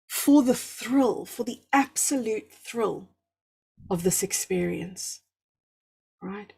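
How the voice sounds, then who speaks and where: A woman's voice: medium pitch, darkish tone, husky. A woman hosting a live spiritual talk, effusive and encouraging, drawing out emphatic words and answering viewers' comments. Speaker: spiritual livestream host.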